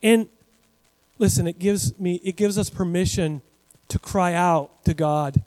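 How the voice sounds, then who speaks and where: A man preaching a sermon as pastor, talking in a conversational, animated way with asides to the congregation. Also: sits high, a little slow, in a large hall, poor audio.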